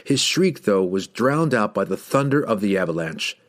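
A man narrating a fantasy novel as an audiobook, telling it with dramatic, expressive storytelling. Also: lowish voice, normal speed.

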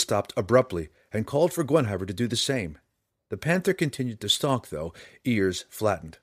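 A man narrates a fantasy tale with dramatic, expressive delivery, his low voice rising and falling widely across each sentence. The recording is close and dry, with no room sound around him. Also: moderate pace, breathy edge, no room sound. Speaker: audiobook narrator.

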